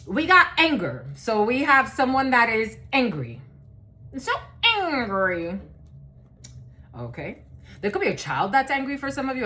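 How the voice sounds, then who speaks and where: A woman's voice: medium pitch, sharp tone, slight background noise. A woman giving a casual, chatty collective tarot reading, cursing freely and using many fillers. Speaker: tarot reader.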